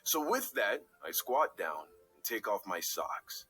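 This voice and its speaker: Animated, bright young man. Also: lowish voice, measured pace, rough recording. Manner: comic, expressive, self-deprecating. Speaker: storyteller in a watched video. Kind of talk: animated storytelling narration.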